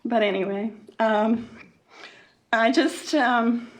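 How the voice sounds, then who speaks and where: A woman from Florida giving an emotional public comment at a meeting, halting, with many fillers and nervous laughs. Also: on the high side, steady tone. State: emotional, upset.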